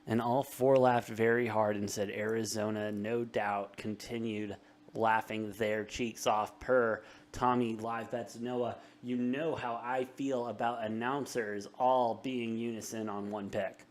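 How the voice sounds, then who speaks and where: A young man hosting a live sports betting show, rattling off quick play-by-play and joking banter. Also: on the low side. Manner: rapid, energetic play-by-play with self-deprecating banter. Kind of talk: live sports commentary and chat.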